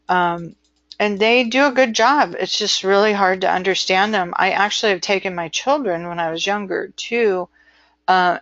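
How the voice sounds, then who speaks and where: A woman's voice: fairly low pitch, a bit bright, no echo, muffled recording. A middle-aged woman teaching a transcription class, talking casually and rambling, with frequent ums and asides. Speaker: transcription instructor. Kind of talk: casual webinar lecture.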